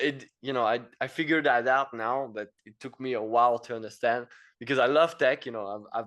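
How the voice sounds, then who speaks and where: A man's voice: mid-range voice, fairly bright tone. A French man in his thirties, a podcast guest speaking English with a French accent, rambling with many fillers and repeated words. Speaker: podcast guest, engineer and entrepreneur. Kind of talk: casual interview chat.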